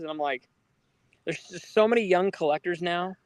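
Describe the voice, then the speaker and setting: A man co-hosting a casual podcast, telling stories in a lively way and acting out the people he quotes. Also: high-pitched, normal speed, clear, resonant tone, no room sound. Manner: animated storyteller, acts out quoted people. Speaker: podcast co-host. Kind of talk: casual storytelling chat.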